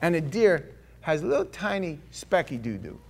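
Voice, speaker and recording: A man's voice: a little high, big pitch swings, moderate pace, gravelly, exaggerated voice. A man putting on a cheeky little girl. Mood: matter-of-fact. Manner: sassy, matter-of-fact. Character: blunt, cheeky little girl about twelve.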